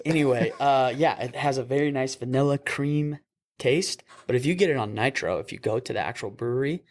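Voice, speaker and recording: A young paramedic who hosts a podcast casually tells a work story over beers in a mid-range voice, speaking fairly quickly. He is animated, laughing often and acting out the voices of the people involved.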